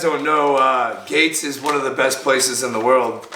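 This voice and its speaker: A man opening fan mail in a casual vlog, chatty and prone to loud excited outbursts. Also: mid-range voice, normal speed. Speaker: bar owner and vlogger. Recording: echoey room, faint background noise.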